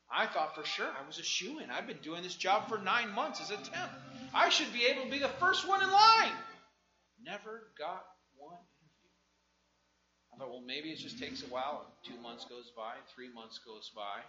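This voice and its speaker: A middle-aged man preaching a sermon with a personal testimony, swinging from hushed asides to shouted exclamations. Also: on the high side, echoey room, muffled recording.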